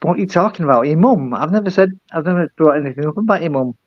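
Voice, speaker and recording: A man's voice: a little high, lively intonation, very fast, dry recording, muffled recording. An older man with a British accent, chatting casually as a guest, rambling and self-deprecating. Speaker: guest caller. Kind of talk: casual chat.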